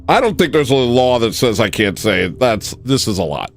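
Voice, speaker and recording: A man hosting a livestream, rambling through a comedic monologue and acting out shouting kids. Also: mid-range voice, moderate pace, gravelly. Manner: animated, jokey, often mimics shouting kids. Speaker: livestream host.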